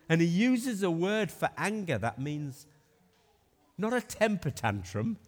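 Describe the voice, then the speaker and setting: A middle-aged male preacher, his voice rising and falling expressively as he stresses key words. He sounds fairly high-pitched for a man and asks rhetorical questions. A long reverb trails behind him. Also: big pitch swings, measured pace. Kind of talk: sermon.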